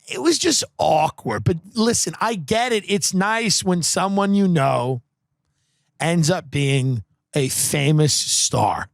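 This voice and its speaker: A man from Long Island hosting a podcast, delivering a comedic monologue with sardonic, deadpan exaggeration into a close studio microphone. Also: fairly high pitch, slow pace, creaky, dry recording. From Long Island, New York. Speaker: podcast host.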